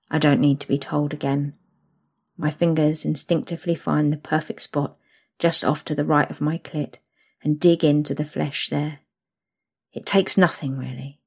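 A young woman narrating an intimate second-person story, soft and slow. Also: low voice, breathy edge.

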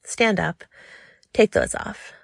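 A woman voicing a commanding woman who gives orders in a low, unhurried, quietly controlled way. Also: huge pitch swings, creaky, no room sound, studio quality, heavily acted.

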